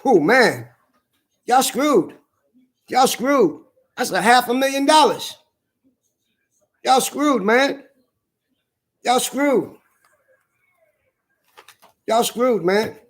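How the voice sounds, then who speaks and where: Really high-voiced guy going off in an angry cussing rant, yelling now and then. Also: animated, very slow, long pauses. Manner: furious, repetitive, shouting at times. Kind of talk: angry profane rant to camera.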